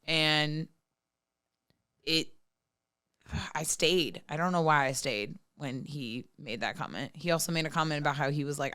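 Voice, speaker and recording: A woman's voice: low-pitched, unhurried, pauses often, pushed and bright, no echo, clean studio sound. A woman in her thirties talking candidly and profanely as a podcast guest, full of "like" fillers. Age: 30s. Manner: frank, profane, many "like" fillers. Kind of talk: candid casual chat.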